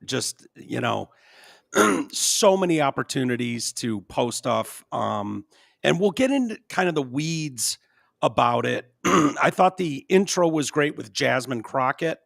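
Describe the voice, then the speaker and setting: A man hosting a podcast in casual chat, halting with fillers and frequent throat-clearing. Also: medium pitch, very animated, a bit bright, dry recording, clean studio sound. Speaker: podcast host.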